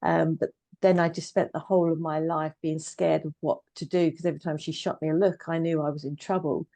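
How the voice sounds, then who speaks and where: Low, flat-voiced woman in her fifties. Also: fairly quick, gravelly, no room sound. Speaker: guest, trauma coach and therapist. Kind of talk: personal story in casual conversation.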